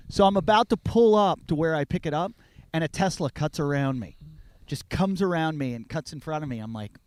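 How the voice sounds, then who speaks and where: A man's voice: on the high side, fairly quick, no echo. A man telling a story on a podcast in a casual way, acting out the people in it. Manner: animated, acts out the people in his story. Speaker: podcast guest.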